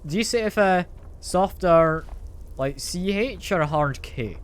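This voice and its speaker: Lively man chatting to stream. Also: high-pitched, unhurried, clean tone. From Britain. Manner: chatty, talks to chat, playfully defensive. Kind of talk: casual live-stream gaming chat.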